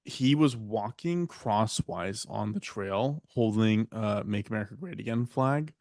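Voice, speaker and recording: A man co-hosting a podcast, telling relaxed stories in a casual chat full of "like". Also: fairly low pitch, unhurried, no room sound, studio quality. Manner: relaxed, anecdotal, lots of "like". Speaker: podcast co-host.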